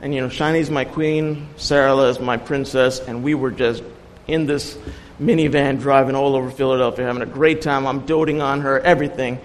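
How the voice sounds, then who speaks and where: A man's voice: medium pitch, fairly even intonation, normal speed, long reverb tail, slight background noise, rough recording. A man giving an earnest sermon as a guest preacher, telling personal stories with light humor.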